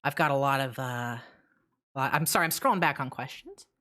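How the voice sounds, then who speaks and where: A woman's voice: very deep voice, animated, fairly quick, fairly bright tone. A woman streaming live and chatting casually while reading chat, rambling and blunt. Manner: rambling, many fillers and restarts, blunt.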